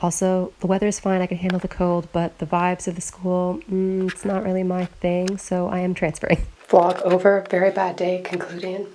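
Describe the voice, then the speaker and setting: A woman's voice: on the low side, completely flat delivery, moderate pace, darkish tone, slight background noise, low-quality recording. Chatty young woman vlogging on campus. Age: young adult. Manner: chatty, self-deprecating, rambling. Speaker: student vlogger. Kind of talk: casual vlog. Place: around a snowy campus and her kitchen.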